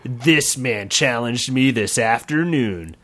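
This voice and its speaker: A man doing a slow, menacing elf beastmaster. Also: medium pitch, a bit bright. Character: brooding male wood elf beastmaster, menacing.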